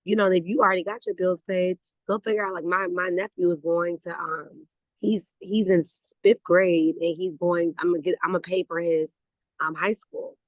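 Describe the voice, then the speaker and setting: A woman leading a motivational network marketing call, talking in a lively, conversational way, repeating words and laughing as she goes. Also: fairly low pitch, normal speed, no echo, rough recording. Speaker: network marketing team leader. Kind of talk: motivational talk on a video call.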